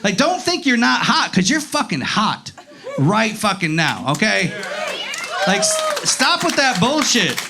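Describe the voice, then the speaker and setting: A man's voice: high voice, huge pitch swings, a little slow, gravelly, crowd noise. A man doing a profane, rambling stand-up set on a comedy club stage, acting out voices as he goes.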